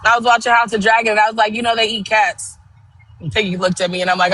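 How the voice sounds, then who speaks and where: A young woman hosting a live stream, telling animated, profane stories in casual chat and acting out the quotes. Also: medium pitch, fast talker, rough recording. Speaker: TikTok live host.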